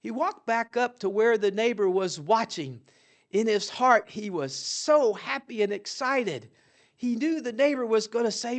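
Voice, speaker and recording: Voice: mid-range voice, lively intonation, a little slow. Folksy inspirational storyteller.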